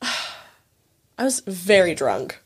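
A woman's voice: lowish voice, sing-song, extremely slow, husky. A woman in her twenties telling a story in casual chat, swearing freely and acting out what others said. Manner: chatty, swears freely, acts out quoted voices.

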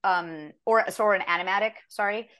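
A woman voice actor chatting in an interview, animated and acting out bits of her lines as she talks, with a dry, sarcastic edge. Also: medium pitch, a little fast. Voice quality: can sound dry and sarcastic. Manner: animated, acts out lines mid-story. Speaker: voice actor guest. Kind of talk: casual interview chat.

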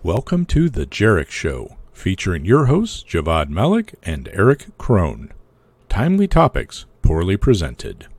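A man voicing a recorded show intro in a deep announcer voice, heard from a distance. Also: wildly swooping pitch, unhurried, husky, heavily acted. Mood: announcing.

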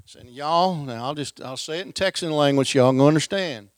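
A man preaching a lively sermon in a folksy, emphatic way, swinging between loud stresses and quiet asides. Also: fairly high pitch, brisk, no room sound.

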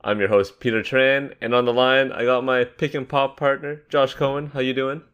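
A young man hosting a casual sports podcast, upbeat and joking, quick to laugh. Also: medium pitch, little pitch movement, fairly bright tone, smooth, highs cut off. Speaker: podcast host. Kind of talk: casual basketball podcast chat.

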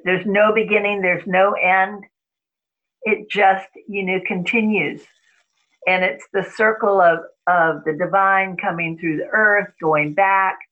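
Calm female meditation guide, leisurely pace, recorded with muffled sound. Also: lowish voice. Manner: slow, calm, guiding. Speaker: spiritual teacher guest. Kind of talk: guided breathing and mantra meditation.

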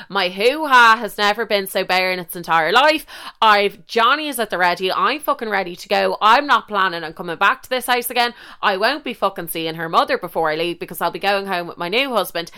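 A young Irish woman hosting a podcast, telling a story in a crude, profane, animated way. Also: mid-range voice, smooth. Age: young adult. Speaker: podcast host. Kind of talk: casual storytelling.

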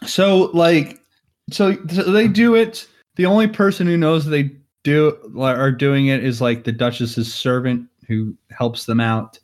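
A man's voice: a little high, steady tone, measured pace. A man co-hosting a podcast, casually recapping a movie plot, rambling with many "like"s and frequent chuckles. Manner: rambling, heavy on "like", chuckles often.

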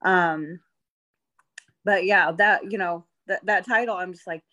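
A woman's voice: fairly low pitch, unhurried, sharp tone. A woman co-host and coach, talking in a reflective, chatty way with frequent restarts. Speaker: podcast co-host, life coach. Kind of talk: casual chat.

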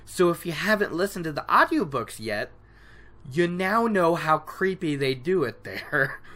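Podcast host with a casual, animated recap style, slow pace, bright tone, laughs a lot. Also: mid-range voice. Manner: laughs often, animated and self-mocking.

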